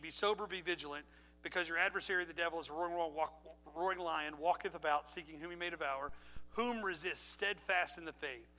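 Pastor, male, lively pulpit sermon, high and very bright tone, church mic. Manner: animated preaching with laughs and asides. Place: church sanctuary. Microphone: handheld or pulpit mic.

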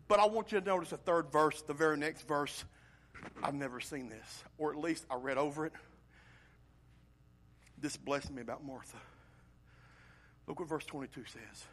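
A middle-aged man preaching a sermon, impassioned and building to near-shouting climaxes. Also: on the high side, moderate pace, long pauses, slightly rough. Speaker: pastor.

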